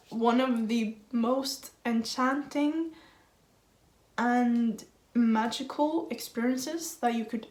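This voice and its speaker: A woman's voice: a little high, darkish tone. A young woman vlogging about books to camera, gushing and heartfelt, close to tears with emotion. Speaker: book vlogger. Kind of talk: casual vlog talk to camera. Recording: roomy echo.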